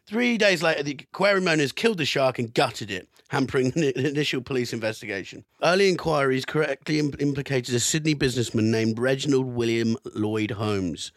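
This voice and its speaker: A man's voice: mid-range voice, expressive, a little fast, hardly any pauses, a bit bright, dry recording, studio quality. A man co-hosting a casual podcast, reading out an odd history story with amused, swearing asides. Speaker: podcast co-host.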